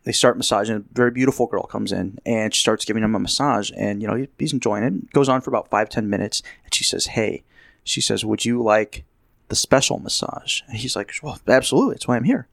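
A man's voice: fairly low pitch, steady tone, fast, creaky, no echo. A man telling a long rambling anecdote in a casual chat, acting out what people said. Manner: rambling storyteller, acts out quotes. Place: Las Vegas.

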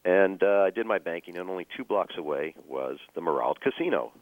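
Deep-voiced man on a phone line. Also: animated, no room sound. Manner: measured, with many fillers and restarts. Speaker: guest storyteller. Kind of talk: telling a personal story.

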